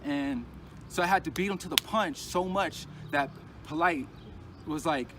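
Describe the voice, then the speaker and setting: A man's voice: sits high, sing-song, vocal fry, sharp tone, a little hiss or hum. Agitated man telling his story outdoors. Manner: halting and agitated, many restarts and repeated phrases. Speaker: storyteller recounting a personal ordeal. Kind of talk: casual personal account.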